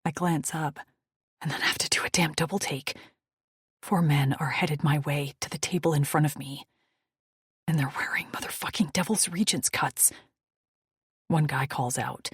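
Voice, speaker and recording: A woman narrating a first-person romance audiobook in a hushed, breathy inner-monologue manner, close to the mic. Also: deep voice, moderate pace, long pauses, no room sound.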